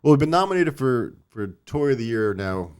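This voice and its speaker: A man's voice: mid-range voice, sing-song, a little fast, darkish tone, clear, resonant tone. A man with a Long Island accent, a toy designer chatting casually as a podcast guest, rambling with many restarts. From Long Island, New York.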